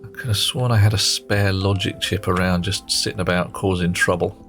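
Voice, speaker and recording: Low-voiced, playfully teasing man. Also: fairly even intonation, fairly quick, a bit bright, faint music behind. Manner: playful, teasing banter with viewers; talks to himself while working. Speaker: game streamer. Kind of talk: casual live-stream chat while playing.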